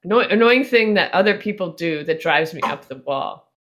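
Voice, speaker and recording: A woman's voice: fairly low pitch, animated, moderate pace, fairly bright tone. A woman guest in casual podcast chat, chatty, laughing often and trailing off mid-sentence.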